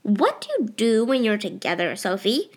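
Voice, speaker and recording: A woman's voice: mid-range voice, animated, close to an everyday voice. Woman reading as a stern worried mother. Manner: demanding, rapid questioning.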